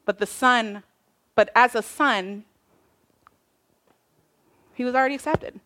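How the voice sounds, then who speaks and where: A woman preacher giving a casual, animated sermon, retelling a parable with slang. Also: on the high side, slow. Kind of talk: conversational sermon.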